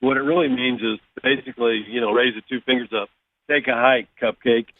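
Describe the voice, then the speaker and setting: Brief: guest, middling pitch, rambly, thin phone-line sound. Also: male voice, steady tone, brisk, no room sound. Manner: rambling, backs up and restarts thoughts. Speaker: guest, former racing driver. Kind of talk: casual chat on a call.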